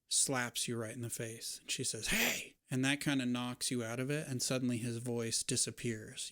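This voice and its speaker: Smooth-voiced man running a tabletop game. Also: medium pitch, no room sound, studio quality. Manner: relaxed, descriptive, with casual fillers. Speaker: game master.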